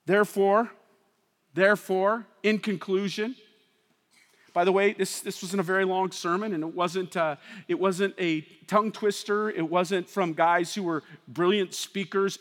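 Man, preacher, high bright voice, loud-to-hushed delivery, reverberant hall. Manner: preaching with swings from loud to quiet and intense. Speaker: pastor. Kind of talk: sermon.

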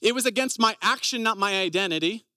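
A man's voice: high-pitched, fast, bright, forceful tone, dry recording, clean studio sound. A man preaching a sermon, telling personal stories in an earnest, conversational way.

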